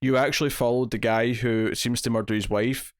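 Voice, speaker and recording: A man's voice: mid-range voice, fairly even intonation, brisk, no echo. Guy hosting a movie podcast, kinda rambly, keeps restarting sentences, mid voice, dry close mic. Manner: rambling, self-correcting, laughs often. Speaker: podcast host. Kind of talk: casual movie review chat.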